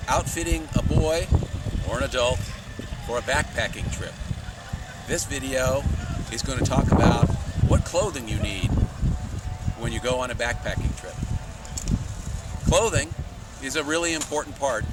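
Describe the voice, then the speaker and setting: A man teaching scouts how to dress for backpacking, in a measured, plain, deliberate way, speaking outdoors. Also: medium pitch. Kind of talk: outdoor instructional talk. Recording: distant mic outdoors, loud wind and traffic noise.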